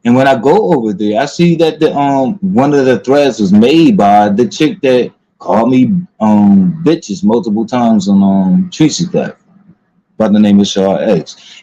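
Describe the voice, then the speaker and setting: A man with a low, mellow voice talks to his viewers in a loose, halting monologue, stopping often to restart a thought. The sound is dull and lo-fi. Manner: halting, full of ums and restarts. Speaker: commentary channel host.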